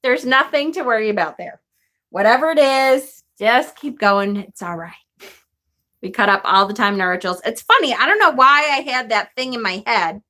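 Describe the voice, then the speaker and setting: Chatty bright-voiced woman in her forties. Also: fairly high pitch, expressive, normal speed. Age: 40s. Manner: chatty, rambling, laughs often. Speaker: witchcraft vlogger. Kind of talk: casual storytelling chat.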